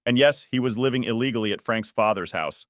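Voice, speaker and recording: A man narrating a personal story in the first person with a steady, even reading. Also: mid-range voice, brisk, no room sound, studio quality.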